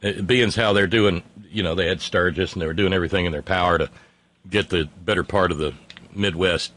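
A man's voice: sits low, brisk, a bit bright. A man co-hosting a talk show, telling a news story with heavy sarcasm and mocking asides. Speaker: co-host. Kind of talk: sardonic political banter.

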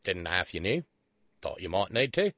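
A man's voice: low voice, very animated, normal speed, a bit bright, no room sound, voice pushed down, exaggerated voice. A man voicing a chummy male Australian embassy caller in a put-on Australian accent.

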